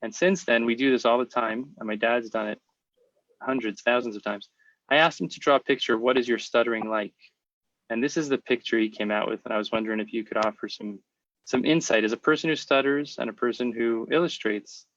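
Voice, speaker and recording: Measured male podcast host, dull lo-fi sound. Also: mid-range voice, fairly bright tone, no room sound. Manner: thoughtful, measured, stretches words to stress a point. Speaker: podcast host, speech-language pathologist. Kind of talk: interview conversation.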